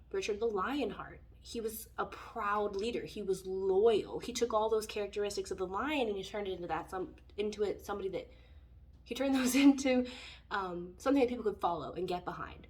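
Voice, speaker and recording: A woman's voice: medium pitch, moderate pace, darkish tone, far from the mic. A woman giving a casual tarot reading in a rambling, conversational way, full of fillers. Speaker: tarot reader.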